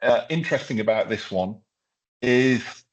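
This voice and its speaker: A man's voice: medium pitch, animated, a little slow. Casual chatty man giving a tech demo. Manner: casual, chatty, with many fillers and restarts. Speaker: workshop presenter. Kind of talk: live tech demo walkthrough. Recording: slightly dull lo-fi sound.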